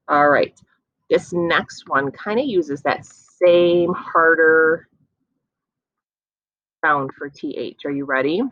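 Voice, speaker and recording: A woman teacher giving an encouraging phonics lesson to young children, slowly stretching out sounds. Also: lowish voice, animated, fairly bright tone, no room sound, muffled recording.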